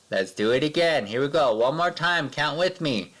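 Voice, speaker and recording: A man teaching a math lesson to young children, patient and sing-song, counting along slowly with his pupils. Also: on the high side, animated, a bit bright.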